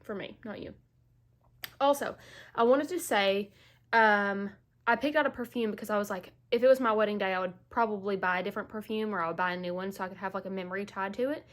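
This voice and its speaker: A woman's voice: mid-range voice, fast talker. Stuffy, chatty woman beauty vlogger. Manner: chatty, filler-heavy, lots of "like" and "um". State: stuffy, out of breath from allergies. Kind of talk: casual makeup tutorial chat.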